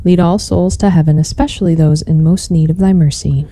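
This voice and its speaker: A woman co-hosting a rosary program, her voice very dark and mellow and somewhat low. She gives the prayer responses calmly and steadily and announces each caller. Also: a little fast, dry recording. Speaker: co-host of a rosary call-in show.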